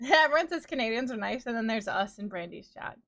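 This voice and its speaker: Bright-voiced chatty woman with a New York accent. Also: a little high, animated, a little fast. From New York, USA. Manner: chatty, rambling, laughs often, riffs in playful quoted voices. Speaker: streamer. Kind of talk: casual live-stream chat with viewers.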